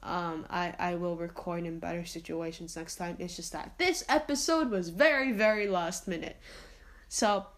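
A woman's voice: lowish voice, normal speed. A woman hosts her own podcast alone, talking loosely to her listeners. She rambles, restarts her sentences, and fills gaps with ums. Her asides sound self-deprecating and anxious. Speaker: podcast host. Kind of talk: solo podcast outro. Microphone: home podcast mic, uneven volume.

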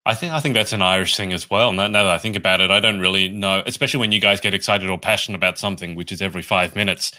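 A man's voice: sits low, fairly even intonation, very fast, few pauses, sharp tone. A man hosting a podcast interview, asking curious, friendly questions in a casual way. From Australia. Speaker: podcast host.

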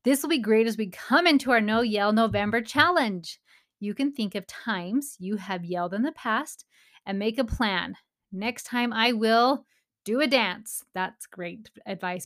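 A woman's voice: mid-range voice, moderate pace, a bit bright. Encouraging woman hosting a parenting talk. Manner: earnest, encouraging, speaks of faith. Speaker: parenting podcast host. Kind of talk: casual motivational talk.

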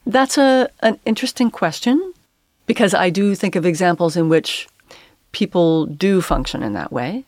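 A woman who is a poet and English professor, speaking as a guest in reflective interview talk, pausing and searching for words in academic phrasing. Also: fairly low pitch, lively intonation, darkish tone, dry recording.

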